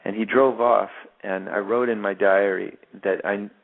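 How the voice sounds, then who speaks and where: A man in his fifties tells a long story in an interview, his voice very low and gravelly. He restarts and repeats words often as he searches for the phrase. The sound is thin and narrow, like a phone line. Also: fairly even intonation, measured pace. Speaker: actor being interviewed.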